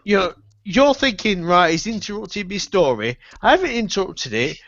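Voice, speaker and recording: A man's voice: high-pitched, big pitch swings, moderate pace, a bit bright. A man co-hosting a stream, casually teasing his friend and lecturing him in mock-serious tones. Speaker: stream co-host. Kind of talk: casual chat. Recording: dry, slightly muffled mic.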